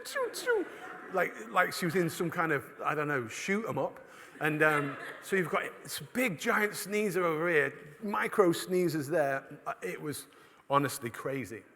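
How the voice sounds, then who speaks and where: A man's voice: on the high side, bright, forceful tone, slight background noise. A man giving a humorous talk at a conference, telling stories from church life and acting out other people's voices. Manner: storytelling, acts out voices of others. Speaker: preacher. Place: church hall. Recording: long reverb of a large hall.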